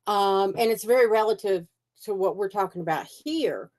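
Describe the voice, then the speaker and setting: A woman's voice: medium pitch, moderate pace, darkish tone. A woman co-hosting a casual podcast, thinking aloud in a reflective way, often restarting her sentences. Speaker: podcast co-host. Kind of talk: casual conversational podcast chat.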